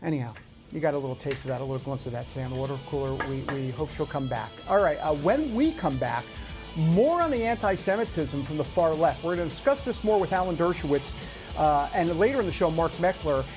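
A male talk show host introducing guests and headlines, prone to excitable, emotional asides. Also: on the high side, fast talker, music in the background. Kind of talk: political talk show hosting.

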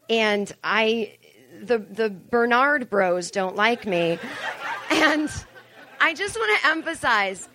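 With a fairly high, bright voice and a forceful tone, a forty-something comedian and podcast host gives a live stand-up monologue to an audience at a show venue. The material is chatty, profane and self-mocking, with plenty of asides, and the recording is dry.

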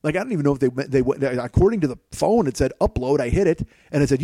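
A man's voice: medium pitch, animated, quick pace, hardly any pauses, warm tone, no room sound. A man hosting a podcast, talking in a casual, rambling monologue that is full of swearing and self-mockery, from his home kitchen. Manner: profane, self-mocking, rambling. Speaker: podcast host.

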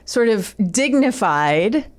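A woman on a casual comedy podcast with a somewhat high voice that swings widely in pitch. She reads passages from a guide and riffs on them with amused asides. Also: very animated, slow. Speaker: podcast co-host.

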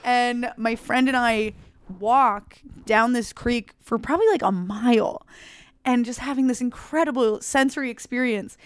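A young woman with a fairly high, smooth voice tells a story as a comedian guest in easy conversation. She acts out the people in her tale with big jumps in her voice. She sits close to a dry mic. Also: a little slow, dry recording. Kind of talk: casual storytelling.

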